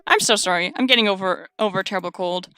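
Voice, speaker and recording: A woman's voice: mid-range voice, fast talker, sharp tone, smooth, dry recording. A woman voicing a giant spider who is a sweet, doting old lady and wedding planner, calling everyone dearie, in a visual novel game. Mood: chirpy, apologetic.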